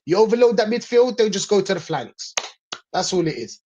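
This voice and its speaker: A man's voice: sits high, animated, a little fast, mellow, muffled recording, a little hiss or hum. A man in a casual football chat, insistent and repeating his points emphatically. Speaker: guest pundit.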